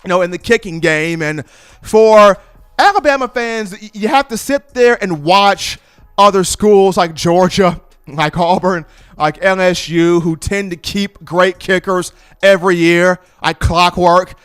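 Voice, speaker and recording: Casting: male commentator, high-pitched, smooth, clear voice, lively storyteller. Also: a little slow. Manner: animated storyteller, colloquial. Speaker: sports commentator. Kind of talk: casual sports commentary.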